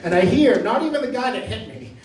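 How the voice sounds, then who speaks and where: A male stand-up comedian with a high voice tells his stories with lively energy and often laughs partway through a line. He sounds as if he was recorded from a distance in an echoey club, with a faint hiss underneath. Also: fast. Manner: animated storytelling, often laughing mid-line. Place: comedy club stage before a live audience. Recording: roomy club sound caught from afar.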